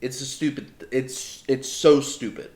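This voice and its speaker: A man's voice: medium pitch, measured pace, a little mellow. Sarcastic man recapping in an echoey room. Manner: sarcastic, blunt storyteller, swears. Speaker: podcast co-host. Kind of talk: casual wrestling review chat.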